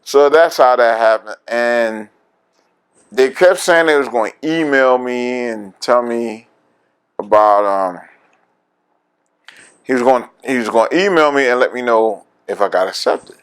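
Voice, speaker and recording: A man's voice: mid-range voice, unhurried, clean tone. Man, Philadelphia accent, oral history interview, candid storyteller, laughs a lot. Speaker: veteran interviewee.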